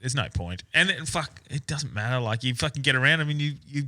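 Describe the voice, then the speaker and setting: Podcast host guy, bright voice, rambles and swears, casual chat. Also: mid-range voice, lively intonation, a little fast.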